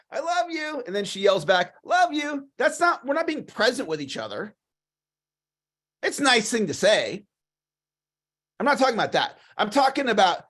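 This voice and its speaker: A man giving a motivational coaching talk on a livestream, enthusiastic and repetitive, often clearing his throat. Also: sits high, a bit bright. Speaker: sales coach.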